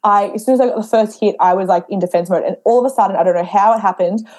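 Fast-talking young woman with a mellow tone. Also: medium pitch. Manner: animated storyteller, acts out her own past dialogue. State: pregnant. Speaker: podcast guest. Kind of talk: casual interview chat.

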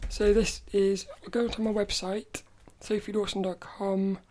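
A woman's voice: mid-range voice, flat delivery, a little slow, warm tone, slight background noise. A woman hosting her own podcast in casual solo chat, rambling and stopping to restart her sentences. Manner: rambling, stop-start, self-correcting. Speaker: podcast host.

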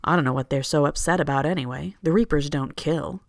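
A reader as a calm, gentle man. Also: medium pitch, fairly quick, vocal fry, no echo, clean studio sound, natural voice. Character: calm, kind middle-aged man.

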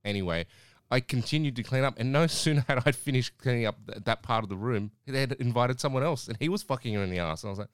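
A man's voice: mid-range voice, fast talker, clean tone, no room sound, clean studio sound. A man, co-hosting a casual, jokey podcast chat and laughing through his stories while a little hungover. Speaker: podcast co-host.

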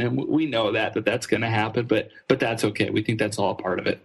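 A man being interviewed as a ministry fundraising trainer, telling earnest, animated stories with frequent restarts. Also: on the low side, fast talker, hardly any pauses. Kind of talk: conversational storytelling interview.

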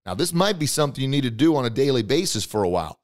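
A man hosting a motivational podcast, coaching listeners directly with excitement and bursts of emphatic shouting. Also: medium pitch, racing. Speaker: podcast host.

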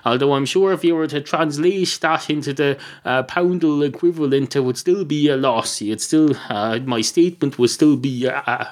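A man's voice: a little high, moderate pace, few pauses, natural voice. An Irish man playing an old, long-winded barman in a comic story, talking in a rambling, pompous way.

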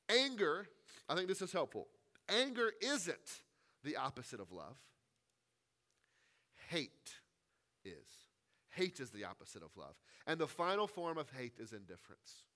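A man's voice: on the high side, bright, forceful tone. A man preaching a sermon as pastor, stressing his points and repeating key phrases.

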